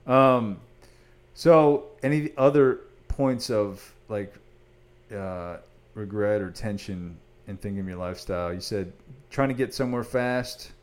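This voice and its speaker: A man's voice: lowish voice, unhurried. A man hosting a podcast, asking curious questions in a chatty way full of fillers. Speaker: podcast host. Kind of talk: casual interview chat.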